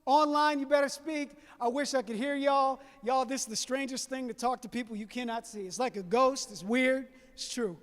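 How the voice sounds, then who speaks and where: Keynote speaker: young adult man, folksy and warm to the crowd; very high pitch, live hall reverb. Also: normal speed, few pauses. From Southeast Louisiana. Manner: folksy, addresses audience as y'all. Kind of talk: storytelling keynote speech.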